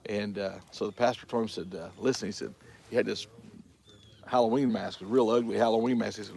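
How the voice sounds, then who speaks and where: A man's voice: lowish voice, fairly even intonation, a little fast, gravelly, a little mellow, slight background noise. A man hosting a casual livestream, telling folksy stories and laughing often. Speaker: livestream host. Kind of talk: casual chat reading live chat.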